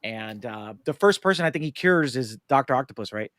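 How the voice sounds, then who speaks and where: A man hosting a casual podcast, chatting and acting out movie scenes in quick voices. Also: mid-range voice, no room sound, studio quality. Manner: animated, acts out movie lines in voices. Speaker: podcast host.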